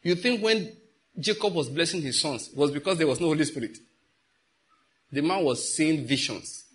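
Middle-aged pastor, slightly raised pitch, conversational sermon with questions to the congregation. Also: male voice, animated, normal speed.

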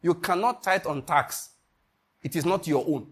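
A pastor preaching an emphatic sermon, often asking the congregation if they follow. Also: male voice, fairly high pitch, measured pace, breathy edge.

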